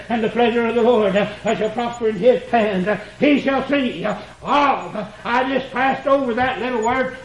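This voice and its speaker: A man preaching a sermon, putting "uh" before nearly every phrase, in rising and falling, chanting emphasis. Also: extremely high pitch. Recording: echoey room with faint noise.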